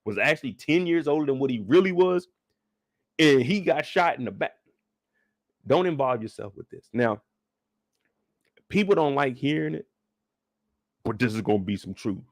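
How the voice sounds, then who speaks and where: Animated, joking man reacting to a TV show. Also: medium pitch, moderate pace, long pauses, no room sound, clean studio sound. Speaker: channel host. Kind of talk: reaction commentary on a TV drama.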